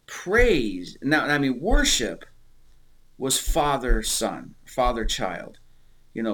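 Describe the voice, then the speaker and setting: A man in casual conversation about faith, rambling and restarting, animated and emotional as he speaks. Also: mid-range voice, slow pace. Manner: rambling, animated, repeats words.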